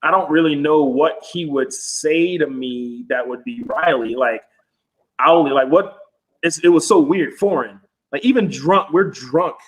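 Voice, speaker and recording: A man in casual podcast chat, an animated storyteller who swears freely and acts out quotes in raised voices. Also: a little high, unhurried, rough recording.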